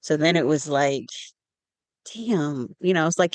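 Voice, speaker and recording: A writer hosts a casual podcast, speaking in a measured, deliberate way and steering where the conversation goes next. The voice sits close and dry, with no room echo. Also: medium pitch.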